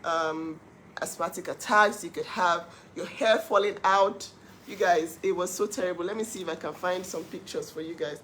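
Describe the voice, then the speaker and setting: A woman who sells cookware, talking casually on a livestream in an animated, emphatic way and laughing often. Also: fairly low pitch, normal speed, a little hiss or hum. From Nigeria. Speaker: cookware seller hosting a livestream.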